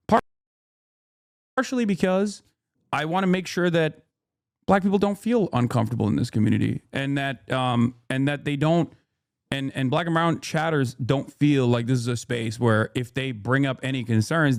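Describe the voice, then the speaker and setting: A man's voice: mid-range voice, moderate pace, no room sound, clean studio sound. A man hosting a livestream in casual commentary, talking bluntly with plenty of swearing, thinking aloud and arguing back at his chat. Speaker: livestream host.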